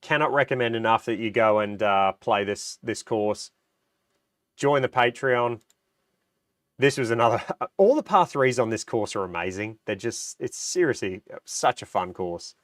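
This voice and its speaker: A man's voice: on the low side, normal speed, fairly bright tone, dry recording, clean studio sound. Man with a stuffy, nasal voice. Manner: enthusiastic, chatty, reads viewer comments. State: nasal from a cold. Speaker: livestream host. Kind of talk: casual livestream chat.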